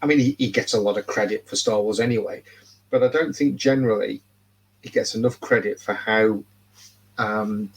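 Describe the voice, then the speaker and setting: Guy rambling on a podcast, husky voice, lots of repeated words. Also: fairly low pitch, steady tone, moderate pace, low-quality recording. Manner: rambling, repeats words, laughs at his own jokes. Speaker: podcast guest. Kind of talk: casual chat.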